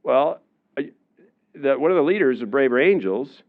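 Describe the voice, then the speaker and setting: A man giving a public lecture in a relaxed, conversational way, with many fillers, often acting out the voices of the people he quotes. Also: medium pitch, moderate pace, narrow, tinny audio. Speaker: university lecturer. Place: lecture room.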